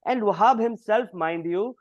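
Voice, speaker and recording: A man's voice: sits high, a little slow, no room sound, dull audio. Blunt indignant cricket pundit man. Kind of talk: podcast discussion.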